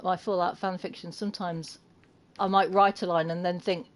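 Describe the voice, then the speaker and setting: A British woman streaming a game, chatting with viewers and reacting excitedly, laughing often. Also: lowish voice, normal speed. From United Kingdom. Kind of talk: casual gameplay commentary. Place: home, with a cat climbing on her.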